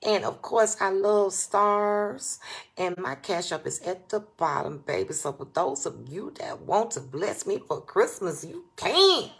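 A woman hosting a casual live stream, greeting her viewers by name with drawn-out, animated calls and dropping into soft asides. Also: mid-range voice, creaky. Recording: roomy, distant from the mic.

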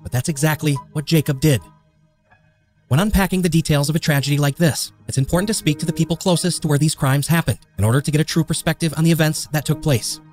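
A man's voice: a little high, steady tone, fast talker, darkish tone. A man narrating a true crime story in a grave, scripted way. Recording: faint music underneath.

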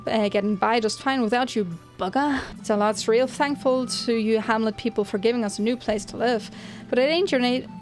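A woman attempting a rough, proud runaway villager. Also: fairly high pitch, natural voice. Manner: halting attempt at a rough drawl.

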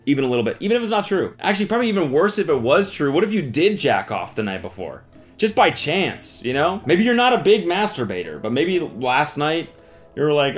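Animated, swearing man comedy host. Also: mid-range voice, brisk, soft background music. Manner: animated, exaggerated, swears freely. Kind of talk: comedic commentary.

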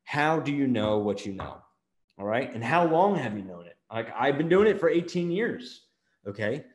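A middle-aged man delivers a motivational business talk to camera with energy, firing off one rhetorical question after another. His voice sits at an ordinary male pitch and bounces around a noticeably echoey room. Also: very animated, moderate pace. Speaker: marketing agency owner and show host.

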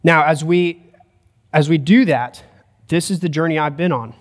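A male pastor preaches with an earnest, emphatic delivery, his voice sitting a little higher than most men's. The sound rings with a long reverb, as in a church hall. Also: normal speed. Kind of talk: sermon. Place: church sanctuary.

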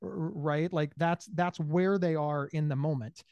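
A man speaking as an advocate in an interview, explaining with lively acted-out dialogue, often stumbling over first words and asking "right?". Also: a little high, unhurried, gravelly, smooth, no echo. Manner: animated, acts out dialogue in changing voices; repeats words at starts, checks in with "right?". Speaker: bipolar disorder advocate. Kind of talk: conversational interview answers.

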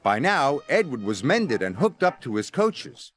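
A man reading a children's story aloud in an expressive storytelling voice, over music. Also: mid-range voice, unhurried, slight background noise. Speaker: storybook narrator. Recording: music playing behind.

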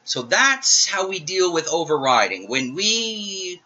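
A middle-aged programming instructor jokes casually as he talks through his code in a recorded screencast lecture. His high voice is bright and forceful with big pitch swings, he speaks slowly, and the audio is dull and lo-fi.

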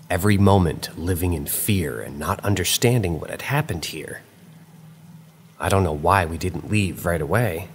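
A man narrating true paranormal stories in a measured, dramatic way, drawing out key phrases slowly. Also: low-pitched, slight background noise. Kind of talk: scripted narration.

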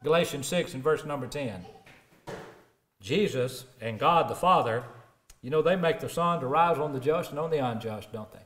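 A middle-aged man preaching a sermon, rising emphatic on scripture and dropping low and soft for stories. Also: expressive, moderate pace.

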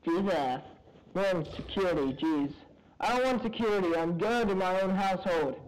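A man giving rambling, goofy let's-play commentary on a low-quality mic, now and then breaking into excited high-pitched yelps. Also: moderate pace. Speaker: gaming commentator. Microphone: low-quality microphone.

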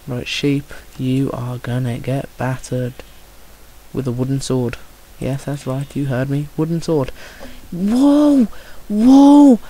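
A young man with a Birmingham accent, giving chatty, excitable and jokey commentary on his own gameplay. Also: medium pitch, a little hiss or hum. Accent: Birmingham English. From Birmingham, England.

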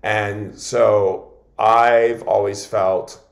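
A man's voice: fairly low pitch, level tone, extremely slow, creaky. A man, a guest on an interview show, telling a long personal story in an earnest, meandering way with many fillers and restarts. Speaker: guest shaman.

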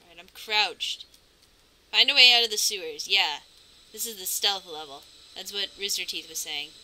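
A woman provides let's play commentary on her game, chatty as she narrates her moves and reacts nervously. Her mid-range voice is bright and forceful at a normal pace, recorded in low quality with slight background noise.

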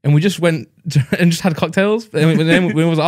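Fast-talking young man. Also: fairly high pitch, a little mellow, no room sound, clean studio sound. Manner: fast, laughing storyteller with many restarts. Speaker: podcast host. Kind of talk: casual chat.

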